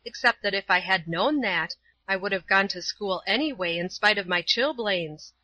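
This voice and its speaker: Stubborn sulky schoolgirl, read by a woman, indignant whiny tone, bright voice. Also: medium pitch, moderate pace, no echo, lo-fi sound. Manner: indignant, complaining. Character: young schoolgirl, stubborn and resentful. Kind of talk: storybook reading.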